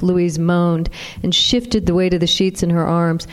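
Female audiobook narrator, lowish voice, steady reading, long reverb. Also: moderate pace, clean tone.

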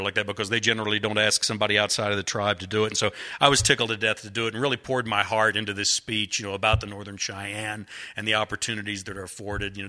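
Folksy rambling middle-aged man, very bright tone. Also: fairly low pitch. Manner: rambling, folksy, fillers like "like that" and "you know". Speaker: author at a book event. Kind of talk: storytelling to a live audience.

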